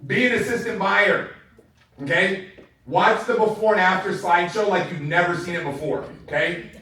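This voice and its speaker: A man giving an energetic, enthusiastic sales training talk to a room, laughing often between points. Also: high voice, moderate pace. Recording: very echoey room heard from far off.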